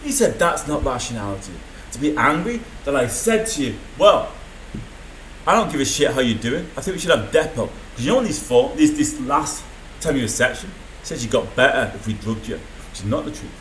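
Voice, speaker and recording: A man's voice: medium pitch, very animated, fairly quick, a bit bright, roomy sound, slight background noise, low-quality recording. A man rambling through an unscripted video diary from a room in a mental health hospital, swearing often. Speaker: vlogger.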